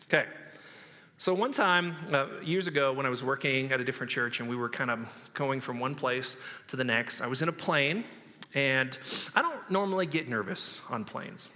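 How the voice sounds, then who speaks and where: A male pastor preaching an animated, jokey sermon in a church. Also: mid-range voice. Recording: echoey hall.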